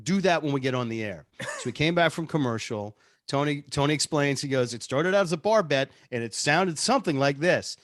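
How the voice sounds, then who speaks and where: A man's voice: on the high side, lively intonation, brisk, fairly bright tone, no echo, studio quality. A man, a radio producer, telling stories casually in an interview, chatty and self-deprecating. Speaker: radio show producer and on-air personality.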